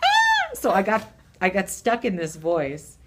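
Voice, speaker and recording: A middle-aged woman puppeteer telling stories in a casual interview, animated and laughing, acting out voices. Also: lowish voice, unhurried, heavy background noise. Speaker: puppeteer guest.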